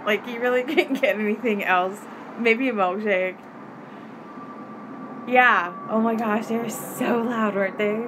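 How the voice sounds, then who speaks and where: A woman's voice: a little high, measured pace, long pauses, noisy background. A woman chatting casually on a live stream from her phone at home, giggling often. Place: home apartment. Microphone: phone held up.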